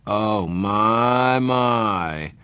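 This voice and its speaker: A man's voice: on the low side, very slow, sharp tone, clean tone, no echo, heavily acted. A man reading an audiobook, voicing a brash, taunting young hoodlum. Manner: taunting, sly. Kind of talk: audiobook narration.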